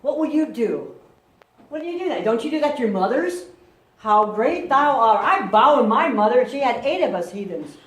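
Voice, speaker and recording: A middle-aged woman pastor preaching a lively, conversational sermon and acting out quotes. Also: a little high, a little fast. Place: church sanctuary. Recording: echoey room, mic from far off.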